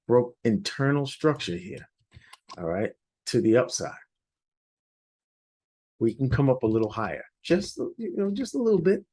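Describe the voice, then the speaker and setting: A hoarse man presenting a weekly forex outlook over charts, rambling a little and often checking in with "all right?". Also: deep voice, a little mellow. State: hoarse, losing his voice. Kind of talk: unscripted chart walkthrough.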